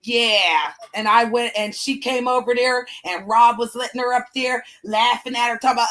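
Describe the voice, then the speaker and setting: A woman's voice: fairly high pitch, fairly quick, hardly any pauses, a bit bright. Angry woman ranting on her livestream, swearing a lot, heated chat. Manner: angry, profane venting rant. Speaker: livestream host.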